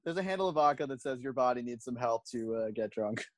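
A man's voice: medium pitch, animated, fast, no echo. A man in his twenties co-hosting a podcast, chatting casually, joking and rambling with frequent laughs. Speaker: podcast co-host. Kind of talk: casual chat.

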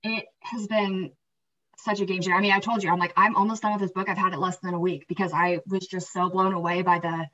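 Sex: woman. Role: podcast co-host. Style: energetic motivational chat. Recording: slightly distant, dull lo-fi. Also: fairly low pitch, fast. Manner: energetic, rambling, peppered with "right?" and "like".

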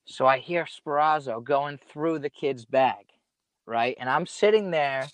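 A young man spins a casual, rambling story, dropping slang and swear words as he goes. His voice sits a bit on the high side. The sound is dry and close, with no room around it. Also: a little slow, no room sound. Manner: profane, rambling, laid-back slang. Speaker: podcast guest storyteller.

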